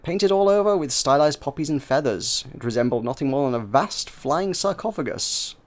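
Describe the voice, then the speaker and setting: A man's voice: on the high side, expressive, moderate pace. A man reading a narrative game aloud for viewers, narrating with frequent slips and restarts.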